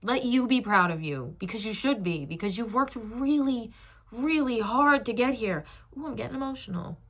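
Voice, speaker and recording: A young woman reading oracle cards, speaking softly and affectionately to the viewer with emotional encouragement. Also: on the high side, moderate pace. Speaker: tarot reader. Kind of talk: channeled oracle message to viewer.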